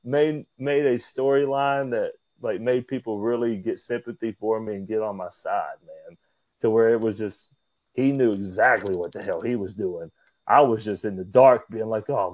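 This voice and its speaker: A man, a pro wrestler, telling backstage stories as an interview guest in a casual, animated way. He, swears freely, calls people "brother," and acts out what others said in a raised voice. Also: medium pitch, no echo, poor audio.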